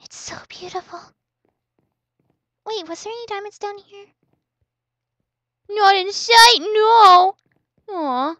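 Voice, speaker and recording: Very high-pitched, excitable female gamer. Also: slow, pauses often, no room sound. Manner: excitable, playful trash talk, yelps and squeals. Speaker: gaming channel host. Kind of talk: casual game commentary.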